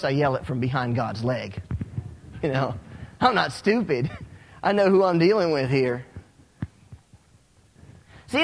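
A man preaching a sermon as a pastor, telling stories with animated, rising emphasis. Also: high voice. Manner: animated storytelling, rising when excited. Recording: long hall reverb.

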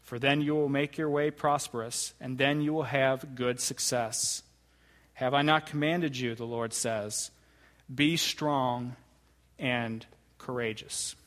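A man preaching a sermon, with deliberate, emphatic phrasing that slows to stress key words. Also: mid-range voice, steady tone, fairly bright tone, long reverb tail. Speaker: pastor.

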